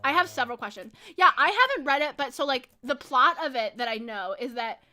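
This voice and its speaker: Young woman gaming streamer, bright and a bit high-pitched, giggly and chatty. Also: animated, a little fast. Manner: chatty, giggly, lots of fillers. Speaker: game streamer. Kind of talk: casual chat while gaming.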